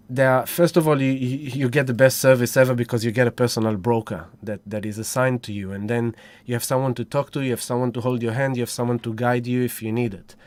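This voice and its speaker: A man's voice: mid-range voice, a little mellow. A man hosting a casual livestream, effusive and whooping as he greets viewers one by one. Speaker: livestream host.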